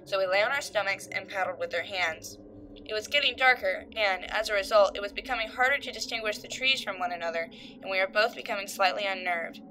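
A woman narrating a creepypasta horror story, voicing its characters with shifts in pitch and loudness. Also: fast, a little hiss or hum, rough recording. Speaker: creepypasta reader. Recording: faint background music.

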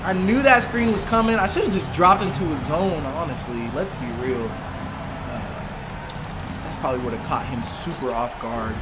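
A man giving excited live commentary while playing a basketball video game, reacting emotionally to every play. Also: fairly high pitch, normal speed, loud music behind the voice. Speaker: gaming commentator.

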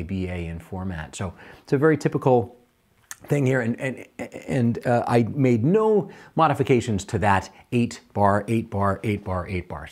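A man's voice: fairly low pitch, darkish tone. A middle-aged man teaching a piano lesson, patiently explaining step by step. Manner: patient, explains step by step, counts and scats rhythms aloud. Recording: piano playing under the voice.

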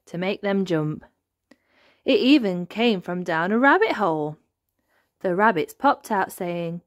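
Slow, expressive woman reading a bedtime story. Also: mid-range voice, no room sound, studio quality. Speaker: storybook reader. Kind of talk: children's read-aloud narration.

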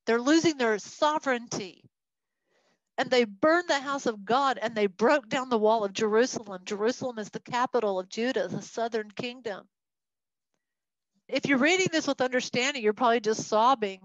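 A fairly high-pitched woman leads a Bible study with animated delivery, acting out the voices of the people she quotes. The sound is dry and a little dull. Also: no room sound. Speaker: Bible teacher.

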